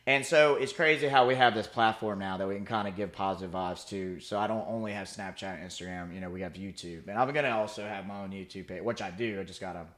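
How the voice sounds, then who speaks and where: A man's voice: low-pitched, fast, hardly any pauses, fairly bright tone. A young man co-hosting a podcast, chatting casually in a laid-back, rambling way full of "like" and "dude". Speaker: podcast co-host. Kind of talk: casual chat.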